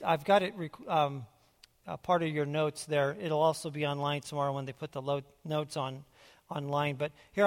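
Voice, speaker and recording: Casual preacher man in a reverberant hall. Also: on the high side. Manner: conversational, halting with restarts. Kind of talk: sermon with personal testimony.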